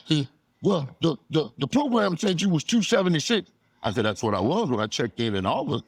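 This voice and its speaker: A middle-aged man, a former football player telling animated stories on a podcast, acting out quotes and laughing often. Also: on the high side, normal speed, breathy edge, dry recording, clean studio sound. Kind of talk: casual storytelling.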